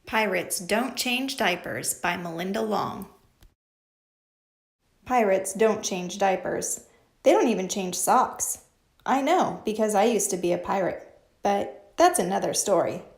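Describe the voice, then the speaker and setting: A woman hosting a children's storytime and reading a picture book aloud in a gentle, clear way. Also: mid-range voice, lively intonation, unhurried, echoey room. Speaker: storytime host.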